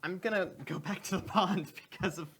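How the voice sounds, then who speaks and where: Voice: medium pitch, fairly quick, a bit bright, breathy edge. Casual tabletop game player, giggly. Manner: casual, laughs between lines.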